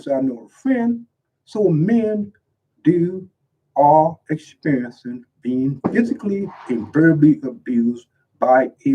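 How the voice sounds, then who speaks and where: A man's voice: mid-range voice, breathy edge. A man, an author, reading his own poems aloud and talking earnestly about them, in a dull lo-fi recording. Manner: reads his own poems aloud with rising emotional emphasis. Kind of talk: earnest spoken reading and commentary.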